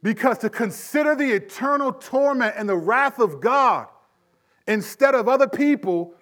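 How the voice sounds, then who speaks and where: A man with a notably high-pitched voice teaches scripture in a relaxed, conversational sermon. He leans into emphatic phrases, then sinks his voice low and quiet when a point turns serious. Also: a little slow. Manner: conversational, emphatic, drops to hushed tones for weight. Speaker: preacher.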